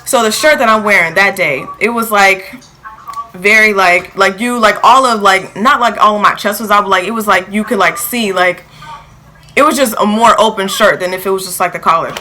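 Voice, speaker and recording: A young woman telling a storytime vlog in a lively, filler-heavy way, acting out quotes, with features. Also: medium pitch, moderate pace, a little hiss or hum, low-quality recording. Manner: animated, filler-heavy retelling with acted quotes. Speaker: vlogger.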